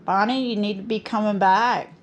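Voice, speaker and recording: A woman's voice: medium pitch, steady tone, moderate pace, a little hiss or hum. A middle-aged woman, chatting casually and effusively to her craft channel viewers from a home workshop. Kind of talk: casual chat to camera.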